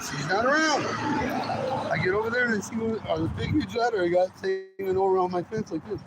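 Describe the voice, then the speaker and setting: A man's voice: high-pitched, a little fast, over loud music, a loud crowd. A man telling a personal testimony in a rambling, profane, casual way, acting out the voices of people in his story. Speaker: guest sharing a testimony. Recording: noisy background.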